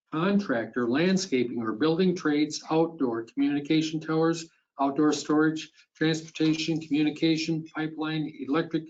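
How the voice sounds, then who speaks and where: Set slightly high for a man, the voice belongs to a town board chair reading motions and calling votes in a plain, procedural manner. He stumbles on a word now and then and restarts it. The recording is dull and lo-fi, as from a municipal meeting room. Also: a little mellow.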